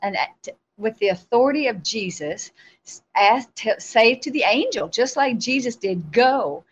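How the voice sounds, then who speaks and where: A woman, a guest on a show, telling a spiritual testimony in an animated storytelling way, acting out her own replies. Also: fairly high pitch, normal speed, breathy edge.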